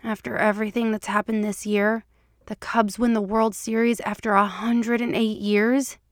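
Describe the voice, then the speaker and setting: A woman's voice: mid-range voice, flat delivery, normal speed, no room sound, studio quality, lightly acted. A woman voicing a wry middle-aged male agent who talks about the end of the world over a baseball game in mock-grave, theatrical tones, in an audio reading of fan fiction.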